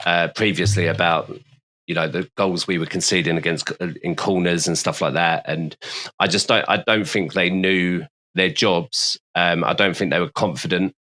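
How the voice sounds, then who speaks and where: Deep, bright-toned man chatting football. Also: steady tone, normal speed. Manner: hesitant, many ums and restarts, swears casually. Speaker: podcast co-host, West Ham fan. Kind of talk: casual football chat.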